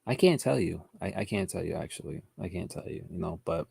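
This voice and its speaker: Man, gravel in his voice, casual livestream teacher, dry close sound, chatty with viewers. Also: sits low, expressive, fairly quick, a little mellow, dry recording. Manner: chatty, addresses viewers directly, reads chat comments aloud. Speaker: trading educator hosting a livestream.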